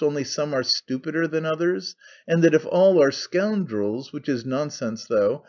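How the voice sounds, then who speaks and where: A man reading an audiobook, voicing an excitable, scheming young conspirator who talks fast and wheedles. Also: on the high side, lo-fi sound, lightly acted. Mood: placating. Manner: fast-talking, wheedling, sly.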